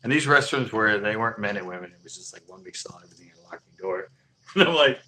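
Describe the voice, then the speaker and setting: A man's voice: lowish voice, animated, fast talker, bright, forceful tone, a little hiss or hum. A man telling a long casual anecdote, rambling with many fillers and chuckling as he goes. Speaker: storyteller.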